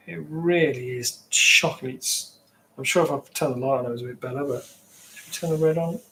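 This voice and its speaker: A man's voice: mid-range voice, fairly quick, pushed and bright, a little hiss or hum. A man from England with an English accent, rambling casually as he chats with viewers on his livestream. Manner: rambling, chatty, reacting to viewers. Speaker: livestream host.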